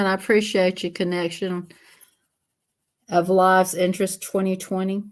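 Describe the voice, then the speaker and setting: A woman's voice: on the low side, little pitch movement, measured pace. A woman chatting casually on a livestream while coloring, laughing often and greeting viewers. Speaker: livestream host.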